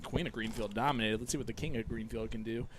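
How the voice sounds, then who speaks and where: A man's voice: medium pitch, fairly even intonation, fast, slight background noise. A man hosting a live darts stream, casually commentating and reading sponsor plugs. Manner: upbeat, reads sponsor plugs.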